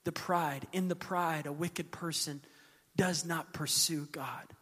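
A male pastor preaches with passion, his voice swelling to emphatic peaks and sinking to near-whispers. His voice sits a little higher than most men's, and it rings through the long reverb of a big hall. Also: fairly even intonation, takes it slowly, husky. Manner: passionate, building to emphatic peaks, then hushed. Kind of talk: sermon.

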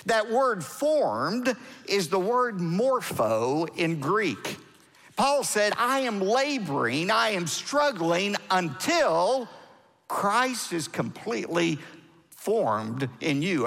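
A pastor preaches to his congregation in a rather high, animated voice that rises and falls sharply. He leans on key words with dramatic pauses. The sound carries a long reverb from a large church hall. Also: vocal fry. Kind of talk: sermon.

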